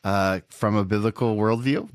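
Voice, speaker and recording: A man hosts a casual podcast interview, eagerly encouraging his guest. His voice sits on the low side. The sound is dry and close-miked. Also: normal speed, no echo. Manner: enthusiastic, encouraging. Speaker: podcast host.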